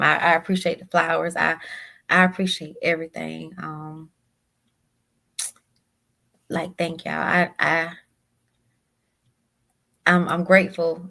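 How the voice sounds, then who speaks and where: A woman guest telling a personal story in a halting, emotional way, often repeating her words. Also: low-pitched, vocal fry, a bit bright. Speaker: podcast guest.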